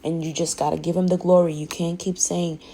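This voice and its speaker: Woman with a gravelly, husky, warm voice; candid and emphatic, rambling with restarts. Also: on the low side, little pitch movement, brisk, poor audio. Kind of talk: candid personal monologue.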